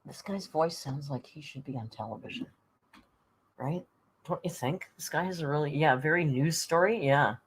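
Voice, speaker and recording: A woman's voice: deep voice, normal speed, slight background noise, poor audio. A woman hosting a casual live stream, chatting to viewers and cooing at her cat. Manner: chatty, coos baby talk to her cat.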